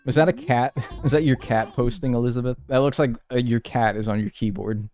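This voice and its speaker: A man's voice: mid-range voice, brisk. A man chatting casually and profanely while streaming a video game, rambling through stories. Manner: rambling, profane, animated storytelling with mimicked voices. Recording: faint music behind.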